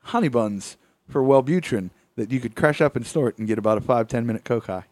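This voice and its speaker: A man hosting a podcast, chatting casually with laid-back jokes and animated asides. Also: medium pitch, a little fast, no room sound. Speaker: podcast host, comedian. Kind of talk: casual chat.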